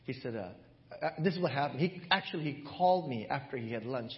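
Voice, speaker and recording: A male pastor telling a personal story in a sermon, animated and often laughing, recorded in a church with dull lo-fi sound. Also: mid-range voice, quick pace. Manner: animated, laughs through his stories.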